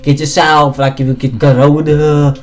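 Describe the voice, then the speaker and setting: A man's voice: on the high side, level tone, normal speed, soft background music. A young man from South Africa co-hosting a home podcast, earnest and prone to repeating words as he addresses listeners. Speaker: podcast co-host. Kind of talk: casual podcast banter.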